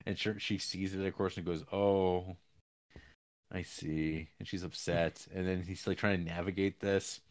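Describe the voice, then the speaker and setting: A man casually recapping a film's plot with rambling fillers and restarts, jumping up in pitch when he acts out characters' lines. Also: little pitch movement, fairly quick, hardly any pauses.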